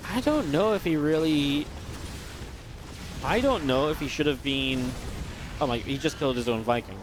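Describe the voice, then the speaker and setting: Excitable man casting a strategy game. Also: on the high side, background noise. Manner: quick, excitable play-by-play with filler restarts. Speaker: esports caster. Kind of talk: live game commentary.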